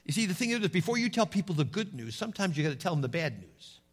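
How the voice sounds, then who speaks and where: A man's voice: on the high side, sing-song, fast. A middle-aged man preaching a sermon in a folksy storytelling way, calling out to his congregation.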